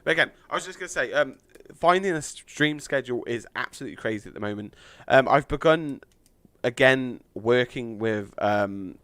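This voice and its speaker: A man chatting on a live game stream, thanking donors with lots of fillers, a little hoarse from losing his voice. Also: medium pitch, animated, normal speed, fairly bright tone, no room sound.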